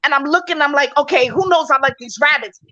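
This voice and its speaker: A woman's voice: high-pitched, quick pace, bright, forceful tone. A woman from New York, a guest in a casual talk, telling a story animatedly and acting out her own reactions. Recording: dull lo-fi audio.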